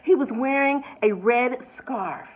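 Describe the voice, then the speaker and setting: A woman's voice: fairly high pitch, slow, voice pushed up. A woman voicing an anxious middle-aged woman who is frantically searching for her lost crocodile, in a storybook reading. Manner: anxious, pleading. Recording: tinny phone-like sound.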